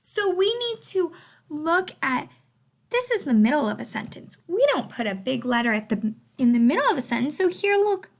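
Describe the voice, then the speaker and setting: A woman teaching a writing lesson to young children, in an animated, sing-song teacher voice with lots of emphasis. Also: sits high.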